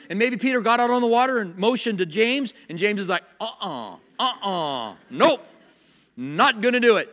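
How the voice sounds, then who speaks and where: A man preaching a sermon as pastor, animated, acting out little voices and laughing at his own jokes. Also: high-pitched, in a large hall.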